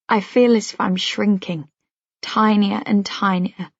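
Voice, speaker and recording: Husky woman narrating in a hushed tone. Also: mid-range voice, steady tone, unhurried, no room sound. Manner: hushed, often breathy and whispered. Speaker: audiobook narrator. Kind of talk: first-person audiobook narration. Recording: dull, dry lo-fi audio.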